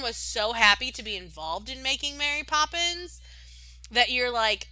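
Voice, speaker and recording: A woman's voice: fairly high pitch, expressive, moderate pace, bright, forceful tone, no room sound, rough recording. Young woman gushing on a podcast, lots of "like", dry close mic. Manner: gushing, rambling, many "like"s. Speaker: podcast co-host. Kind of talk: casual chat.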